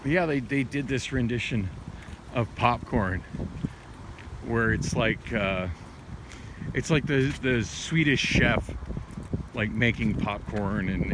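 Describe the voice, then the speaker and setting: Rambling male night-walk vlogger, candid and profane, phone mic, wind and street noise. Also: medium pitch. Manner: rambling, many restarts and fillers, candid and profane. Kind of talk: rambling late-night walking vlog. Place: city street at night, outdoors, walking. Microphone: handheld phone. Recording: windy outdoor phone audio.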